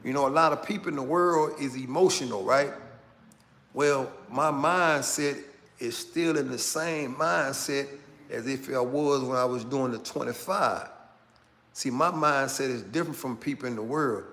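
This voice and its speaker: A middle-aged man hosting his channel, talking in a slow, casual street style and tagging phrases with "man" and "right?". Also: mid-range voice, fairly bright tone. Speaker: channel host. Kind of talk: casual commentary monologue.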